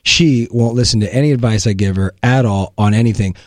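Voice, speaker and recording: A man's voice: on the low side, a little fast, no room sound. A man co-hosting a podcast, teasing his partner with dry banter. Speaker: podcast co-host. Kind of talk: casual chat.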